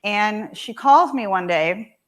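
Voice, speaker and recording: Expressive woman preaching a sermon. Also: mid-range voice. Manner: emphatic and expressive, with measured repetition. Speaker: minister. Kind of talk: sermon with storytelling. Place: church sanctuary.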